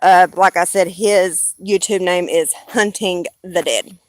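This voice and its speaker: A woman's voice: lowish voice, fairly even intonation, slow pace, dry recording. A woman with a Southern US accent chatting casually on a live stream, rambling and blunt, swearing freely.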